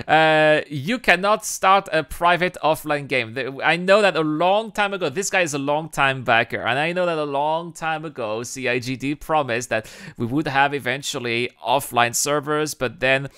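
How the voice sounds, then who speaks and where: A man hosting a chatty livestream, talking to his viewers with a bright, forceful edge and a somewhat high voice. His delivery is excitable and full of restarts. The sound is clean and dry, with almost no room around it. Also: smooth, dry recording. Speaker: livestream host. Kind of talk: casual livestream chat, reading viewer comments.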